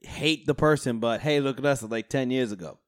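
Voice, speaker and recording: A man's voice: medium pitch, moderate pace, no room sound, studio quality. A man co-hosting a casual sports podcast, joking and swearing as he argues his points. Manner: joking, animated, swears freely. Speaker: podcast co-host.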